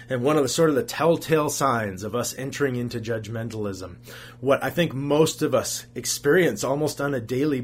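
A man's voice: mid-range voice, breathy edge. A man preaching a sermon as a pastor, earnest, asking rhetorical questions and repeating phrases for emphasis.

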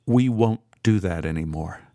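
A man reading an audiobook and voicing an earnest, apologetic man who speaks gently and warmly. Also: lowish voice, a little slow, no echo, clean studio sound. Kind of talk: audiobook character voice.

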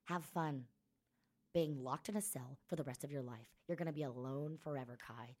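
A woman playing a fierce woman leader in a tabletop game, swinging between hushed threats and loud outbursts. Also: rumbling low, moderate pace, pitched below the performer's own voice. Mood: threatening. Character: fierce woman leader confronting a former ally.

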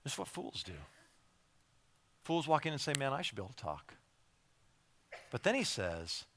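A male pastor preaching with a bright, forceful tone and a voice pitched a little high. He keeps it chatty and animated, stumbling over repeated words and slipping into acted-out asides. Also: normal speed, pauses often. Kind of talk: sermon.

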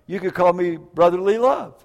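An older man preaching with a high, bright-edged voice. He tells stories in an animated, joking way, tripping into stammered restarts. The sound rings with the long reverb of a church hall. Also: normal speed, creaky, highs cut off, a little hiss or hum. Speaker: prison minister. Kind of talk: preaching a sermon.

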